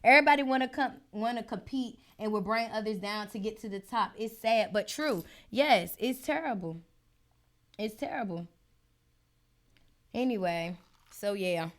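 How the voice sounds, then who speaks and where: A woman's voice: medium pitch, moderate pace. A woman hosting her podcast, ranting casually and animatedly to her listeners. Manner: animated, talks straight to listeners with many asides. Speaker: podcast host. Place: home setup with listeners joining a live stream.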